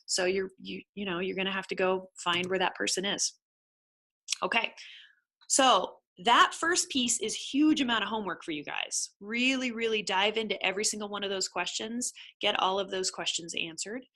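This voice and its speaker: A woman's voice: mid-range voice, normal speed, bright, forceful tone. A middle-aged woman teaching a business webinar for chiropractors, firing off rhetorical questions at the listener. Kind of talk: webinar lesson.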